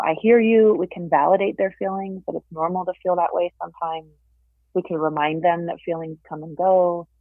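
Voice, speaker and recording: A woman in her thirties, a guest expert, calmly explaining and acting out example phrases in casual conversation. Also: lowish voice, slightly rough, no room sound. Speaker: podcast guest, perinatal mental health specialist. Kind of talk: casual interview chat. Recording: phone-line audio, dry.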